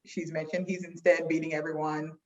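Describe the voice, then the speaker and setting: A class participant talking slowly and thoughtfully about a poem over a video call. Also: medium pitch, little pitch movement. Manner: slow, thoughtful, laughing. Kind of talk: casual class discussion. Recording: dull lo-fi video call audio.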